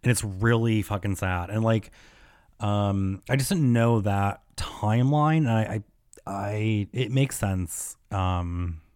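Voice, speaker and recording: A man's voice: lowish voice, slow, a little mellow, clean tone, dry recording, studio quality. A young man hosting a solo podcast, telling stories in a chatty, profane way full of fillers and restarts. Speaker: podcast host. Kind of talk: casual solo podcast chat.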